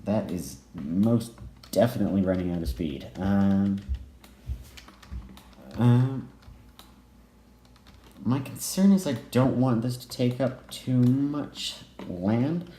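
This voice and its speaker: A man giving casual let's play commentary while he builds, musing and halting with many pauses and fillers. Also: fairly low pitch, mellow. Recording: echoey room, faint noise.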